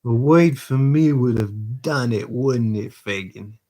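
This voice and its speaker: A man reading aloud voices a slow-witted young male thief who pleads defensively. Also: medium pitch, warm tone. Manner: pleading, piles question on question.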